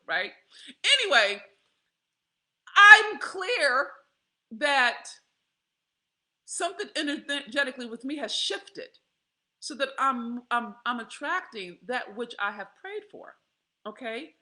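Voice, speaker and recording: A woman, telling a candid personal story to her viewers in a profane, animated way, laughing often. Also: sits high, takes it slowly, pauses often. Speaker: vlogger.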